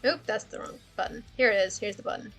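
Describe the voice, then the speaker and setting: On a casual worldbuilding livestream, an Australian woman talks fast at a medium pitch with a fairly bright tone while faint music plays behind her. Her delivery is rambling and thought-out-loud, with frequent laughter.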